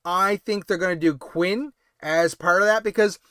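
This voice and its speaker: A man's voice: sits high, normal speed, sharp tone, smooth, no echo, clean studio sound. A man hosting a late-night toy-collecting livestream, chatting casually and rambling with lots of hedges and fillers. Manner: rambling, hedging with many ums and I means. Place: home, late-night stream.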